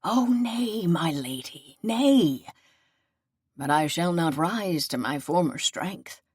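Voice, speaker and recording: Woman voicing an old wounded seneschal, low, solemn and fatherly, for an audiobook, dry recording. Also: lively intonation, takes it slowly, darkish tone, husky, no room sound, exaggerated voice. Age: older. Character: aging wounded male seneschal, gentle and loyal.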